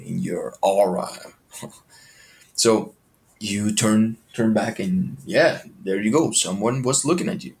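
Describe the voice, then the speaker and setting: A man's voice: on the low side, vocal fry. A man hosting a podcast, talking in a motivational monologue that is full of questions and casual swearing.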